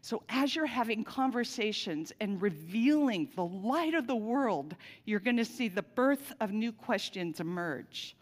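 A woman's voice: fairly high pitch, lively intonation, measured pace, few pauses. Woman preaching in a reverberant church. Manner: warm storytelling, conversational asides. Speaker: pastor. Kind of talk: sermon. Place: church sanctuary. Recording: long reverb of a large church hall.

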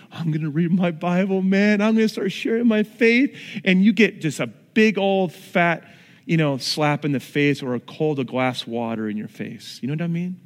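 A male pastor preaching a conversational sermon with acted-out asides in a church. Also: fairly high pitch. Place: church sanctuary. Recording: long reverb in a large hall.

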